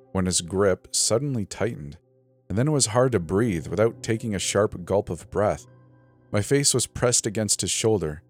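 A man narrating a creepy first-person story in a steady, measured reading. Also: deep voice. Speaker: narrator of scary stories. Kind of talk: scripted narration. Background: faint background music.

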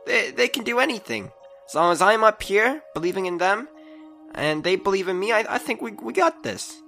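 Cocky rabbit-folk hero, played by a man; bright, gravelly, bouncy pitch. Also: expressive, faint music behind, full character voice. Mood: confident. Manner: confident, boastful, slightly halting. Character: cocky young rabbit-folk adventurer, loyal. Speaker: tabletop player.

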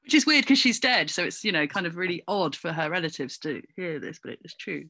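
A middle-aged woman from England, chatting as a guest in an interview, animated and full of asides and fillers. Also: on the low side, fairly quick, dry recording. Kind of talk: casual interview chat.

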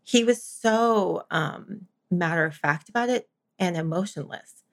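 A woman co-hosting a casual chat, telling animated stories about her kids and laughing often. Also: fairly low pitch, measured pace, creaky.

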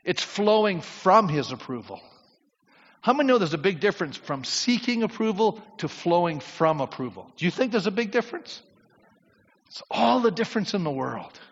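A middle-aged man preaching a sermon as a pastor, animated and at times near shouting. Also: sits high, a little fast, husky. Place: church sanctuary. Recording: muffled church recording with long reverb.

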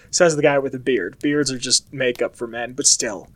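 A man's voice: mid-range voice, animated, fairly quick, a bit bright, no echo. A young American man in casual, rambling monologue, talking chattily with lots of filler words. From United States.

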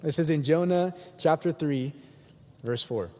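A young man preaching a sermon, animated and acting out the people he quotes in different voices. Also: on the high side, a little slow, big-room sound. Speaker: pastor.

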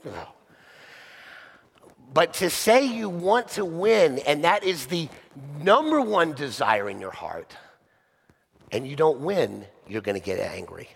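A male pastor delivers a sermon in a plain, conversational way and keeps asking his listeners rhetorical questions. His voice sits a little high for a man. The sound carries a long reverb, as in a large church hall. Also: very animated, unhurried, creaky, slightly rough.

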